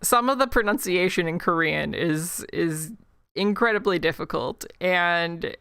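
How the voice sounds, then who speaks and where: A woman's voice: lowish voice, fairly bright tone, clear, resonant tone, no echo, studio quality. A woman from Chicago with a Chicago accent, chatting casually and rambling into a desk mic while livestreaming a game. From Chicago, United States. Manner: chatty and rambling, quick self-mocking asides. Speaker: streamer. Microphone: desk microphone.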